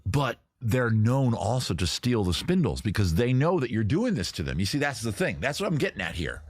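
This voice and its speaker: A man hosting a livestream from home, riffing on viewer questions in a rambling, crude, deadpan absurd way. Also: medium pitch, fairly quick, no room sound, clean studio sound. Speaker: host. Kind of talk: improvised comic livestream answering viewers.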